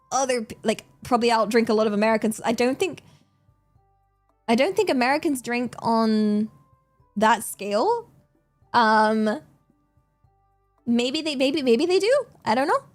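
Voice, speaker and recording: A young woman streaming, chatting casually in a giggly, animated, exclamatory way. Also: fairly high pitch. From England. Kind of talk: casual chat.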